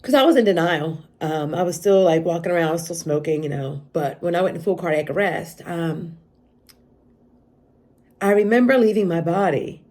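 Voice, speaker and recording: A woman vlogger giving an earnest, halting, confessional personal testimony. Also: fairly low pitch, expressive, a little mellow.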